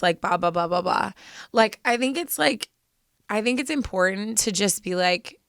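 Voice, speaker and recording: A woman's voice: medium pitch, normal speed, a bit bright, no echo, studio quality. A young woman co-hosting a podcast, chatting candidly with lots of "like" fillers. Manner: chatty, heavy use of "like", candid and personal. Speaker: podcast co-host. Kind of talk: casual chat.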